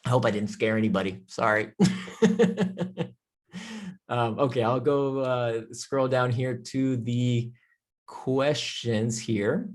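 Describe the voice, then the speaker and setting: A man's voice: mid-range voice, fairly even intonation, measured pace. Emphatic man speaking by video call. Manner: passionate, emphatic, rhetorical questions. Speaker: author and speaker. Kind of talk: impassioned talk, then audience Q&A.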